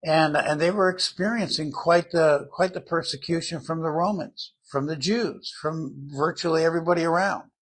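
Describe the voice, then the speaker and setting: Husky older man preaching conversationally. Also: fairly high pitch, normal speed, few pauses, fairly bright tone. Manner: earnest, conversational Bible teaching. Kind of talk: sermon.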